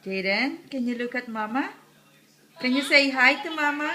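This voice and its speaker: A mother, talking slowly in a sing-song voice to her baby in a home video and making animal sounds. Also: high-pitched, expressive, pushed and bright.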